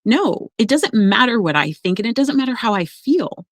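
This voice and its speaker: A woman who works as an emotional coach, talking in a casual podcast conversation and telling stories with lively acted-out voices. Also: fairly high pitch, moderate pace, no room sound. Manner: animated storyteller, acts out quoted voices.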